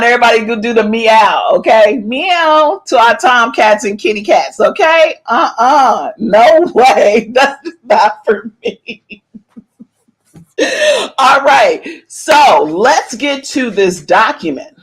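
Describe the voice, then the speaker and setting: A middle-aged woman hosting a podcast, giving chatty, animated celebrity gossip commentary and playfully meowing her catchphrase. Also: on the high side, a little slow, breathy edge. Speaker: podcast host.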